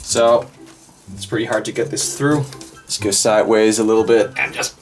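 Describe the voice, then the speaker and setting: A man's voice: lowish voice, steady tone, moderate pace. Man muttering through a fiddly repair job. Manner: muttering and sighing while straining at a task. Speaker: vlogger restoring a helmet. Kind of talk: hands-on restoration commentary. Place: hot room indoors. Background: background music.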